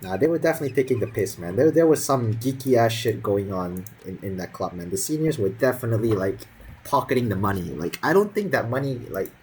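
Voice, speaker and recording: A man's voice: on the low side, sing-song, fast talker, darkish tone, slight background noise, poor audio. A young man in his teens telling a school story as a casual, profane, sarcastic rant full of fillers.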